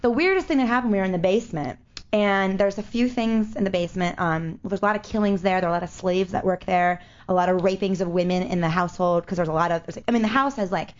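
A woman telling a story in casual chat, animated, with loose swearing and many fillers. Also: medium pitch, quick pace. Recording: dull lo-fi audio.

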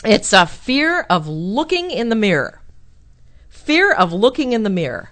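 Woman radio advice host, lively swooping pitch, chatty and animated. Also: unhurried. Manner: chatty and animated, laughs at own jokes. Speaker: radio call-in show host. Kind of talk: casual call-in advice talk.

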